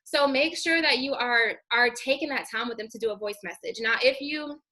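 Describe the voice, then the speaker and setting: A young woman giving a casual, high-energy training talk to her sales team, chatty and upbeat. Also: moderate pace, pushed and bright, slight background noise. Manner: high-energy, chatty, says "girl" and "you guys" a lot. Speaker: network marketing team trainer.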